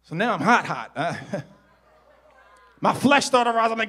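A middle-aged male pastor preaching a sermon in a church, telling a personal story that swings from hushed retelling to shouted preaching. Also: sits high, lively intonation, brisk.

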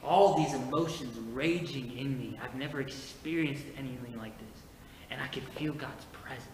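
A man preaching a sermon as pastor, moving from quiet personal storytelling to emphatic preaching. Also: medium pitch, normal speed. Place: church sanctuary. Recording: echoey church hall with faint noise.

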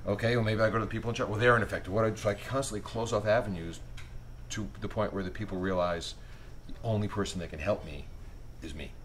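Man, middle-aged, author interview, lively anecdotes, low voice, faint background noise. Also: fast talker, low-quality recording. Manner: animated storyteller who acts out little scenes. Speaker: author interviewed about his books. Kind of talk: casual interview talk.

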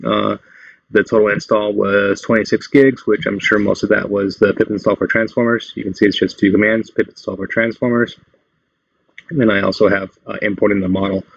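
A man's voice: fairly low pitch, little pitch movement, brisk, creaky, slightly rough, no echo. A man hosting a casual tech tutorial, explaining things in a loose, meandering way. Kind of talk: casual screen-recorded tutorial. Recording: dull lo-fi dry sound.

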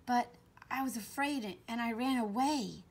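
A woman reading aloud, voicing a young boy who speaks sadly and quietly in a children's storybook. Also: on the high side, measured pace, husky. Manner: sad and quiet.

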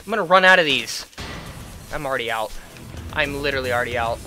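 A young man giving let's-play commentary, excitable and quick to yell at the game in frustration, with self-mocking trash talk. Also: mid-range voice, soft background music. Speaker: gaming channel host.

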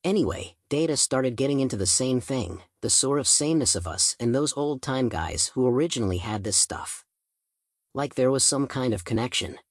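A man's voice: mid-range voice, lively intonation, moderate pace, no echo. Male audiobook narrator, casual chatty first-person telling, mid-range voice, dry close sound. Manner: casual teen-style storytelling.

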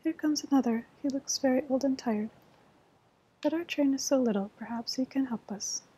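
A woman's voice: mid-range voice, brisk, dark tone, breathy edge. A woman whispering as an eager little toy clown, whispered role-play. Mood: hopeful. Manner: eager, encouraging.

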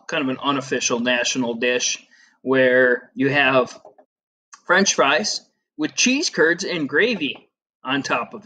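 Bright-voiced man giving a rambling lecture. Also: mid-range voice, a little hiss or hum. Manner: chatty, rambling, with frequent fillers and asides. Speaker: teacher. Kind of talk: casual classroom lecture over slides.

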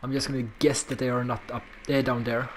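Excitable, profane gamer man. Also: medium pitch, fast, a little hiss or hum. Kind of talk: casual gameplay commentary.

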